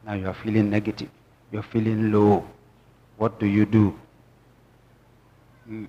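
A man's voice: on the low side, level tone, unhurried, mellow, highs cut off. A man preaching a sermon with emphatic call-and-response to the congregation. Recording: long church reverb with music.

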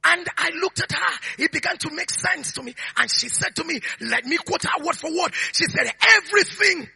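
High-pitched gravelly guy preaching, sharp bright voice, radio sound. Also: moderate pace, no echo. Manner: preaching with shouted declarations and tongues-like interjections; soft storytelling while recounting a memory. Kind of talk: sermon.

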